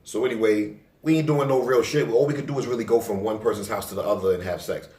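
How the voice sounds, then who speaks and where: A man's voice: on the low side, steady tone, fast. A young man, casually telling a personal story in loose, profane street talk. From Staten Island, New York. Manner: loose, profane street talk, acting out his own past lines louder. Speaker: vlogger. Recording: roomy, distant from the mic.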